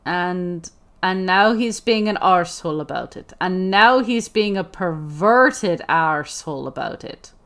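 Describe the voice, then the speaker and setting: A woman's voice: lowish voice, expressive, measured pace, fairly bright tone. A woman doing let's play commentary in character, playful and theatrical, often repeating her own lines.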